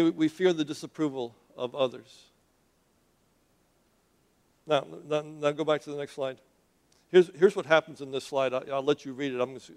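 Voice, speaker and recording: Speaking from a church pulpit, a male preacher keeps things lively and conversational, asking the congregation direct questions while he narrates. His pitch sits a bit on the high side.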